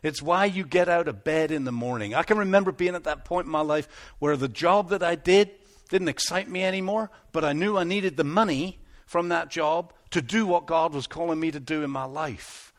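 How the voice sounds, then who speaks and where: A man preaching a sermon in an animated, conversational way, repeating words as he builds up and slipping into little acted asides. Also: on the high side, normal speed, few pauses. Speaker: pastor.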